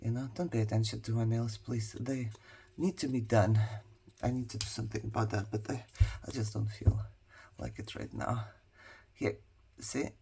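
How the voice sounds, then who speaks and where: A woman with a husky voice, chatting casually as a crafting vlogger who shows her projects, rambles and laughs often. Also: very deep voice, moderate pace, pauses often, mellow. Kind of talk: casual show-and-tell chat.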